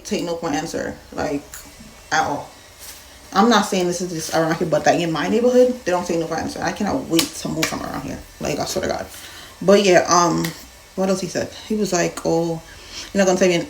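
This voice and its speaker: Blunt young woman with gravelly voice. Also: on the low side, a little hiss or hum. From Jamaica. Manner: blunt, animated retelling with quoted dialogue. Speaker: vlogger. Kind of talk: casual storytime rant.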